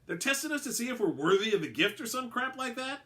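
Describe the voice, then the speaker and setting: A man voicing a sarcastic, wisecracking human astronaut who speaks in quick, dry jabs. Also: extremely high pitch, very animated, pushed and bright, voice pushed up, full character voice.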